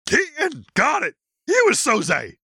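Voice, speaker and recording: Brief: man doing a squeaky, wide-eyed Sasquatch in a podcast comedy bit, dry close mic. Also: wildly swooping pitch, a little slow, vocal fry, bright, forceful tone, breathy edge, no echo, exaggerated voice. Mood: excited. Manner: gasping, gullible exclamations. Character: Sasquatch, male, excitable and slow on the uptake.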